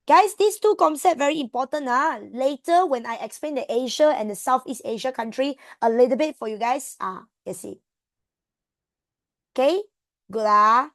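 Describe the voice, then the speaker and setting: Malaysian woman tutor, high voice, dry close sound, quizzes her class as she goes. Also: normal speed, dry recording. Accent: Malaysian English. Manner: animated, code-switching, drills students with questions. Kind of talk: exam revision lesson.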